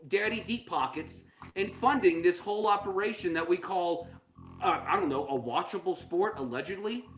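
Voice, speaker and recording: A man's voice: high-pitched, a bit bright. A man co-hosting a sports podcast, ranting sarcastically in casual banter. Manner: sarcastic, mocking, does exaggerated voices. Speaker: podcast co-host. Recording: roomy with faint background noise.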